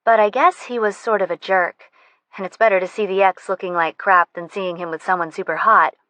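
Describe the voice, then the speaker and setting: A woman voicing a petite, quick-witted young woman friend in an audiobook, chatty and wry. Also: mid-range voice, steady tone, pushed and bright, no echo, lightly acted.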